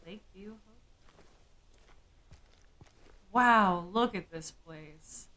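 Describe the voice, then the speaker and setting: A woman's voice: medium pitch, drawn-out words, bright, forceful tone, low-quality recording. A woman streamer thinking aloud during live game commentary, with musing, jokey asides.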